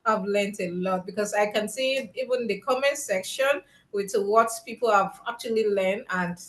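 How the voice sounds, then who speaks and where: A woman's voice: medium pitch, moderate pace, fairly bright tone, reverberant, low-quality recording. A woman hosting an online session, thanking the speaker in an appreciative way. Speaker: host.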